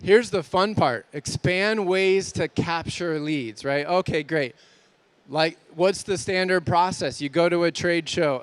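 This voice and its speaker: Man, conference speaker, punchy rhetorical questions, fairly high voice, crisp. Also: normal speed, dry recording. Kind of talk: conference talk.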